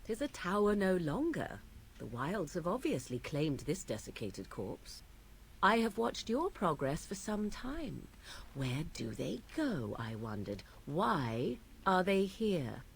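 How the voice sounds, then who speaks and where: Haughty young witch of the wilds, slow and archaic, lively lilt. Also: fairly low pitch, creaky, a little hiss or hum, heavily acted. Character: aloof mysterious young witch woman of the wilds.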